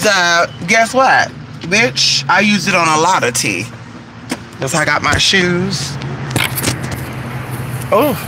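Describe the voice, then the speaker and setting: High-voiced sassy male vlogger, foul-mouthed, voice going, noisy in-car phone recording. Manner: sassy, profane, talks to viewers as "y'all" and "honey". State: losing his voice. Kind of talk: casual live-stream chat. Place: in a car at a gas station. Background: car and traffic noise.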